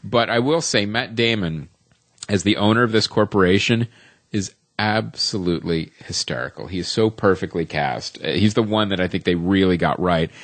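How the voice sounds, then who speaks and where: A man's voice: deep voice, normal speed, no echo. A man co-hosting a film podcast, reviewing a movie in casual chat, rambling with many ums and restarts.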